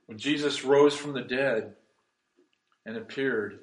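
A pastor preaching a sermon, swinging between loud emphasis and hushed, soft passages. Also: male voice, mid-range voice, slow, reverberant, low-quality recording.

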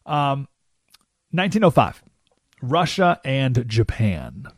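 A man hosting a political talk radio show, telling a story in an animated way and often asking "right?" into a studio microphone. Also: mid-range voice, slow pace, slightly rough, no echo.

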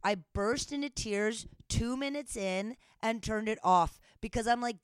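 A woman's voice: fairly high pitch, a little slow, clean tone, dry recording, studio quality. A woman co-hosting a podcast, speaking emphatically and addressing listeners directly. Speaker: podcast co-host. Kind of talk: casual podcast chat.

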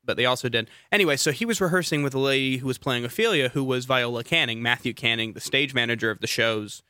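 A young man from Georgia, a tour guide, telling stories in a lively, playful way, with a toned-down Southern accent. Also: mid-range voice, fast talker, smooth, no echo. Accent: neutralized Southern US. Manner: animated, playful, acts out quoted voices. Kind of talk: casual storytelling chat.

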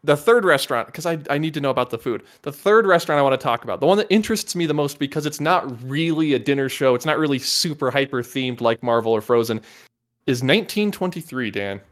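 A man's voice: mid-range voice, expressive. A man in his twenties hosting a casual chat, prompting his guest with questions. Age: 20s. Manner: prompting questions, quick reactions.

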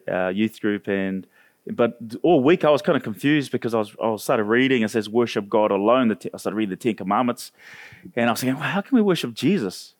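A man hosting a church panel, telling a personal story in a lively way and acting out the other voices. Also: fairly low pitch. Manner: animated, acts out quoted voices.

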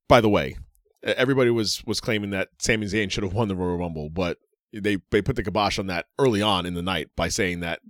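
A man with a lowish voice talks through a wrestling show in loose, excitable chat, stumbling over restarts as he goes. The sound is dry and close to the mic. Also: dry recording. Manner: excitable, rambling, laughing often, many restarts. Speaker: podcast co-host. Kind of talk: casual wrestling recap chat.

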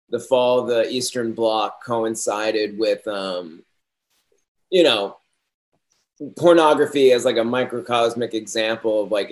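A man's voice: medium pitch, darkish tone. A man talking casually with friends, rambling with many fillers and laughing at his own stories. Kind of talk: casual podcast chat.

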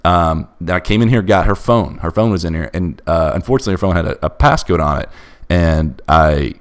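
A man's voice: deep voice, expressive, brisk. A young man telling a bizarre personal story in a casual chat, emphatic and restless. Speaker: storyteller guest.

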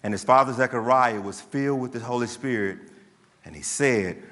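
A man preaching a sermon as pastor, animated, acting out the voices of people in his story. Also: mid-range voice, moderate pace. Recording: long hall reverb.

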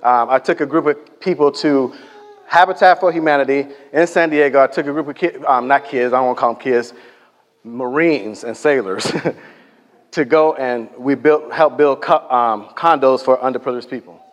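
A man's voice: medium pitch, moderate pace. A man preaching a sermon in a conversational, storytelling way, acting out the people he quotes. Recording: echoey hall reverb.

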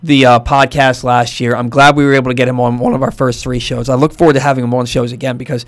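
A man's voice: medium pitch, level tone, quick pace, dry recording. A man hosting a sports podcast from a studio, casual and loose with frequent restarts. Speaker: podcast host.

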